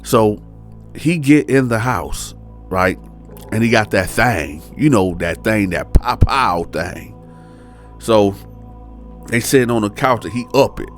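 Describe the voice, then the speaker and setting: A man's voice: lowish voice, lively intonation, slow, pauses often, faint music behind. A man casually telling a true-crime story in colloquial slang, often checking in with "right?".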